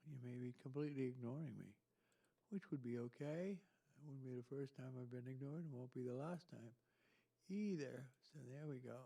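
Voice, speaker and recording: A man's voice: mid-range voice, gravelly, warm tone. A middle-aged man hosting a live stream from his home studio, chatting casually and rambling with self-deprecating asides as he reads viewer comments.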